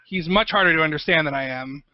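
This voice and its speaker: A man, a composer guest, telling stories in a rambling, profane, excitable way in a casual interview. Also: on the high side, quick pace, no echo, lo-fi sound. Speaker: guest, video game composer.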